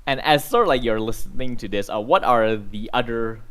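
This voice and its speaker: Male game master, mid-pitched voice, easygoing narration peppered with fillers. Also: normal speed, fairly bright tone. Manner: loose, conversational narration with fillers.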